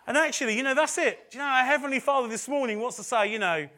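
A man's voice: sits high, quick pace, hardly any pauses, pushed and bright. A middle-aged man preaching a sermon in a chatty way, with self-deprecating asides and phrases repeated for emphasis. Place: church service.

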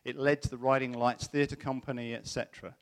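This is a middle-aged man, medium in pitch and slightly quick, giving a sermon. He brings a personal story to life, voicing the people he quotes.

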